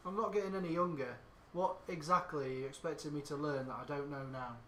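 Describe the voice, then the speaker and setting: A man playing a tabletop role-playing game, asking quick questions in casual chat. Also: on the high side, fairly even intonation, pushed and bright, reverberant, slight background noise. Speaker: player.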